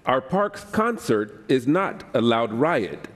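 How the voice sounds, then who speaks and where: A man on a radio quiz show reading comic limericks aloud in a deliberate, rhythmic way. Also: medium pitch, sing-song. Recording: long theater reverb.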